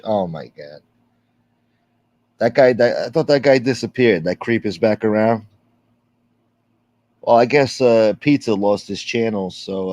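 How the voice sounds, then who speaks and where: A man's voice: lowish voice, a little mellow, dry recording. A man hosting a casual livestream, reading viewer comments aloud in a rambling, sarcastic, heavily profane way. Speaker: livestream host.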